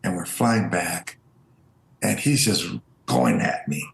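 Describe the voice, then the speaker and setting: A man's voice: low voice, slow, gravelly. A man, an Air Force veteran, telling stories as an interview guest and acting out the voices of people he quotes. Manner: animated storyteller, acts out quoted voices. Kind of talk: casual storytelling interview. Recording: roomy echo.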